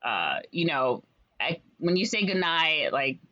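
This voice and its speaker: A woman casually retelling a story's plot in a rambling way, full of fillers and quick quoted voices. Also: low-pitched, very animated, sharp tone. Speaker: podcast co-host retelling a musical's plot. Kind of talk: casual chat. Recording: slightly dull lo-fi audio.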